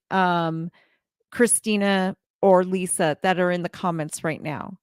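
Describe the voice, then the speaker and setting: A woman in her forties, a community leader, gives a heartfelt motivational talk to live viewers, speaking earnestly and repeating her phrases. Her voice is on the low side. The recording is studio quality with no room sound.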